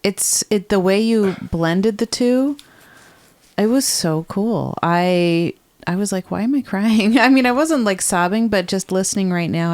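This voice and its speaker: Teasing woman cohost, low-ish voice, super dry close sound, chatty. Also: darkish tone, no room sound. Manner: chatty, teasing, quick to laugh. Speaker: podcast co-host. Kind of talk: casual chat.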